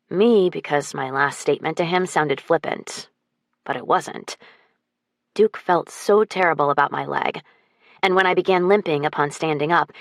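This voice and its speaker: A woman narrating a romantic comedy audiobook in the first person, expressive and wry. Her voice is on the lower side and recorded dry and close, with no room sound. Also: no echo.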